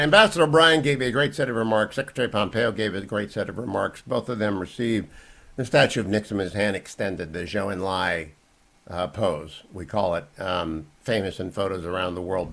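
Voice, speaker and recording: A man hosting a talk radio show, delivering an opinionated monologue with emphatic bursts and quieter asides. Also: a little fast. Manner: emphatic, swinging from loud bursts to low asides.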